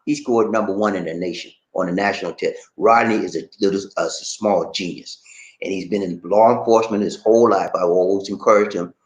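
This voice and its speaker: A middle-aged man hosting a casual YouTube live stream, telling stories in an animated, outspoken way. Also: deep voice, a little fast, roomy sound, dull audio. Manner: animated, laughing, outspoken storyteller. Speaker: YouTube show host.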